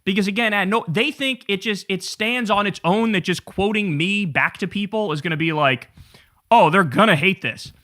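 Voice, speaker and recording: A high-pitched man in his thirties delivers sarcastic, profanity-laced rants as host of a casual political commentary program. He moves at a moderate pace and barely pauses, staying animated throughout.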